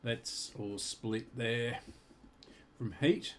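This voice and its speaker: A man's voice: medium pitch, drawn-out words, slight background noise. A man casually showing off his vintage radios, rambling with fillers and asides. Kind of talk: casual show-and-tell vlog.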